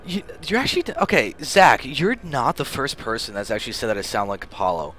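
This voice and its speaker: A young man casting a live strategy game match as stream host, excitable and prone to loud bursts at big plays. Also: medium pitch, quick pace. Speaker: esports caster and stream host. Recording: faint background noise.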